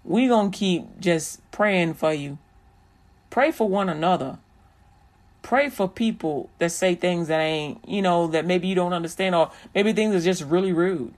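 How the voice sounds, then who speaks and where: This is a vlogger in sermon mode, repeating encouragement line after line the way a preacher builds a point. The voice sits at a middle pitch, neither high nor low. The key phrases are drawn out slowly and warmly. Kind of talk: preachy inspirational commentary.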